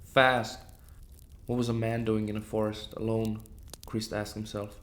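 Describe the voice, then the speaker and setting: Casting: male narrator for horror audiobooks, low pitch, steady delivery. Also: normal speed.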